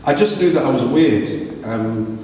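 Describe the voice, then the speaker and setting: A man's voice: mid-range voice, a little slow, a little hiss or hum. A middle-aged man, a guest speaker telling humorous stories to a live audience and acting out voices. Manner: animated, humorous, acts out voices. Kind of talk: storytelling talk to a live audience. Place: large hall at a live event. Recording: echoey hall from far off.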